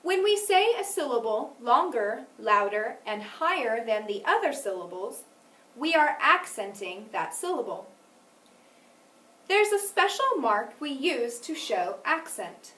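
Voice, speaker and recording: Woman teacher for a phonics lesson. Bright, higher voice with a lot of lift, clear and deliberate, with each example word stressed. Recorded in an echoey room with the mic set back. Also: sing-song, distant mic.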